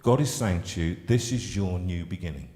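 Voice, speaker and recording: Man host, low voice, stops and restarts a lot, roomy hall reverb. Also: warm tone. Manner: halting, emotional storytelling with many restarts. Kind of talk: live chat show storytelling.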